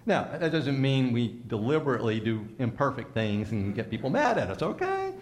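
A man's voice: medium pitch, huge pitch swings, a little fast. Male pastor preaching a conversational sermon. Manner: leads congregation in call-and-response repetition; conversational, teasing asides to listeners.

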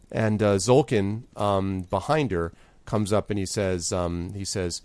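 A man's voice: lowish voice, a little slow, darkish tone. A man narrating as game master in a rambling way with many fillers.

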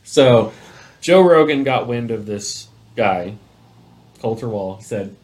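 A man co-hosting a casual chat over drinks, telling stories in an animated way. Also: medium pitch, takes it slowly. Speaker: podcast co-host.

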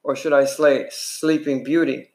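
A man voicing a tough, cocky teenage greaser boy with a rough voice and a gruff, teasing way of talking, read from a storybook. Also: medium pitch, little pitch movement, measured pace, a little mellow, close to an everyday voice.

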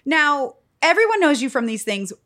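A woman host with a fairly high, very lively voice that swings up and down. She leads a casual interview in an eager, quick-talking way. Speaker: podcast host.

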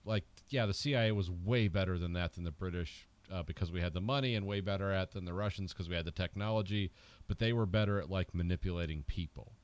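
This American podcast co-host talks fast in a low-pitched voice. He chats loosely about a film, joking around and using lots of filler words.

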